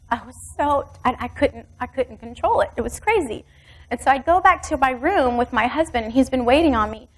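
A middle-aged woman pastor telling a personal story in a sermon, vivid and intimate. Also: high voice.

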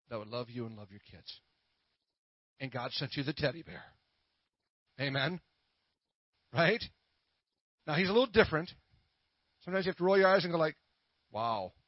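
A man's voice: on the high side, no echo, muffled recording. A middle-aged man, preaching a sermon with prayers, full of playful corny jokes. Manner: playful, corny jokes and laughs at his own puns.

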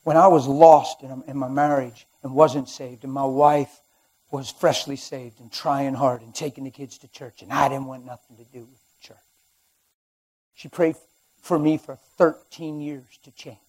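A middle-aged man preaching, his voice husky and slightly breathy at a middling pitch. He tells his testimony dramatically, dropping to near-murmurs and then rising loud for emphasis. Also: steady tone, normal speed. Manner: dramatic storytelling, swings from quiet to loud. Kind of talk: sermon testimony.

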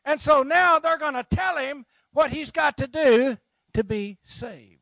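A middle-aged man preaching with humor and passion, his voice strikingly high with a gravelly, fry-laden edge. The sound is close and dry, with little room around it. He asks his listeners questions as he goes. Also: measured pace, pushed and bright, no room sound. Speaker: pastor. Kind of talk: sermon.

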